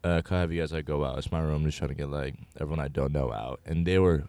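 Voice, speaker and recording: A young man guest tells his story in a laid-back way, calling people "bro." His voice is very deep and mellow. The sound is dry and close. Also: very fast, dry recording. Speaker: podcast guest. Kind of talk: casual storytelling.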